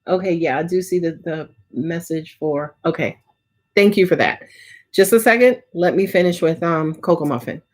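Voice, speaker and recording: A woman giving a casual live tarot reading, chatty and full of filler words and swearing. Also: medium pitch. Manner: casual, chatty, swears often, frequent "right?" and "um". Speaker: tarot reader.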